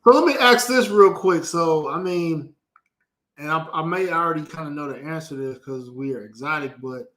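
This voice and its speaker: A man from the United States hosting a podcast, asking easygoing, halting questions in a casual interview. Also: on the high side, noisy background. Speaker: podcast host.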